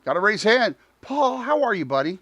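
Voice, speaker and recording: A man's voice: high voice, very animated, normal speed, sharp tone, no room sound, dull audio. A man hosting a live talk show, chatting casually and acting out dialogue, laughing often.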